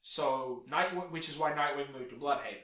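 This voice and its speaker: A man's voice: mid-range voice, brisk, a bit bright, reverberant. A man co-hosting a podcast, rambling through casual chat and swearing freely. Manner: rambling, swears freely, acts out quoted characters. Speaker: podcast co-host. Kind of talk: casual chat about comics.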